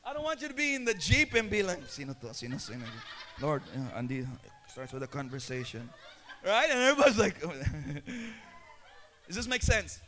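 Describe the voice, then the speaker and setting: A young adult male pastor with a Filipino accent, preaching a passionate sermon that builds to shouts and slips into Tagalog. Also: high-pitched, sing-song, normal speed.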